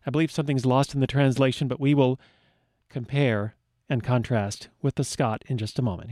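A man hosting a radio show in a playful, wry tone. He sits close to a dry studio mic. His voice is mid-pitched. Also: fairly even intonation, a little fast, darkish tone, no echo. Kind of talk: scripted radio talk.

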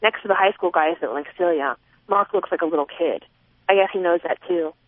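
A female audiobook narrator with a lowish voice reads a first-person novel a little fast, expressively voicing the inner thoughts of a twelve-year-old girl. The sound is dry and narrow, like a phone, with no echo.

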